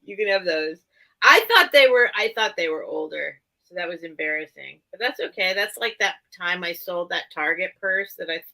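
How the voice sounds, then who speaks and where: Bright, chatty woman hosting a sale. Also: fairly low pitch, normal speed, gravelly, poor audio. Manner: chatty, excitable, self-mocking. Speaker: live sale host. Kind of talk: casual live-sale chat.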